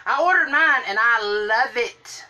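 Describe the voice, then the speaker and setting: A woman's voice: high voice, expressive, a little slow, bright, forceful tone, dull audio. A woman, chatting on a live stream while doing her makeup and greeting viewers by name in a sing-song lilt. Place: home room, indoors.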